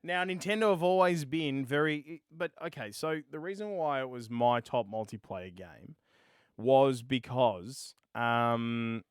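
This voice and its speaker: A man's voice: mid-range voice, measured pace, smooth, no room sound, clean studio sound. A man co-hosting a gaming podcast, chatting casually with wry, teasing humour. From Australia. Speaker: podcast co-host. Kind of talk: casual chat.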